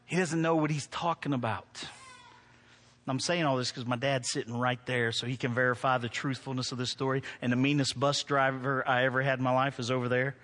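A man's voice: mid-range voice, flat delivery, a little fast, a bit bright. A middle-aged male pastor preaching to a congregation, mixing humorous stories with emphatic preaching. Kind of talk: sermon. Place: church before a congregation.

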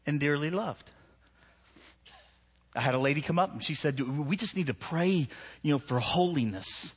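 A man's voice: fairly high pitch, lively intonation, normal speed, long pauses, husky. A man pastor, preaching a sermon in a conversational, self-deprecating way that rises into emphatic preaching. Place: church hall. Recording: long hall reverb.

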